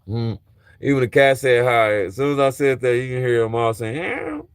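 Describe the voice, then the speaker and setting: A middle-aged man works on a truck during a livestream, chatting loosely and directly with viewers in slang. His mid-range voice is steady, clean and fairly quick, with no echo.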